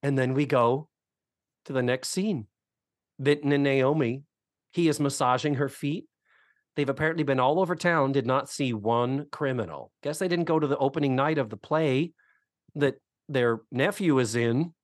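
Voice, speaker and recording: A man co-hosting a podcast, casually recapping a TV episode with animated storytelling. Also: mid-range voice, moderate pace, no echo, studio quality. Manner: animated storytelling, acts out quotes. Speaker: podcast co-host.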